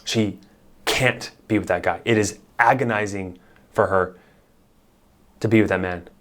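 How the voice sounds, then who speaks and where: A man with a fairly low voice speaks as a marriage therapist. He talks to camera in a blunt, emphatic way and swears casually as he pushes his points. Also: steady tone, unhurried, a bit bright. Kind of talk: direct-to-camera advice talk.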